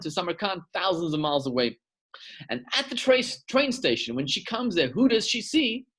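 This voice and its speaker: A man's voice: on the high side, a bit bright. A middle-aged male rabbi giving a sermon over a video call, telling a story and repeating words for emphasis.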